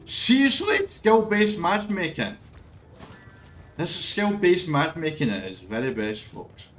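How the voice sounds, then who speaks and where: Swearing gamer man with lively pitch. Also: a little slow, faint music behind, rough recording. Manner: swears often, erupts into loud frustrated outbursts. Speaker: gaming video creator. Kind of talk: live gameplay commentary.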